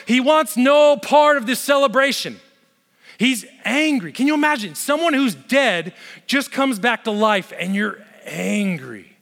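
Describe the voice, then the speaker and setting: High-voiced preaching man in a reverberant hall. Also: big pitch swings, moderate pace, vocal fry, a bit bright. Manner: emphatic, repetitive, conversational asides. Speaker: pastor. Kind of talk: sermon.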